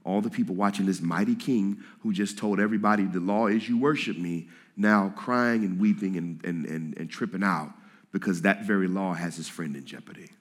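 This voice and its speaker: A man preaching a sermon to a congregation in a lively, conversational way, reading scripture and speaking in casual slang. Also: sits low, fairly quick. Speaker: pastor. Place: church hall with congregation.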